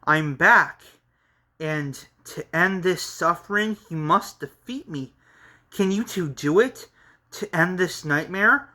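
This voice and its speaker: A man's voice: high-pitched, expressive, takes it slowly, sharp tone, full character voice. A man voicing a cruel male spirit villain in a manga read-along, taunting and menacing.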